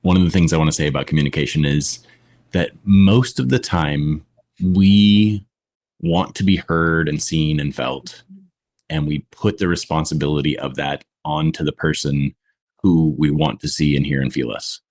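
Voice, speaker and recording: A man guest on a podcast, speaking in a reflective, deliberate way with long pauses. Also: a bass voice, a little mellow. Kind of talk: conversational podcast talk.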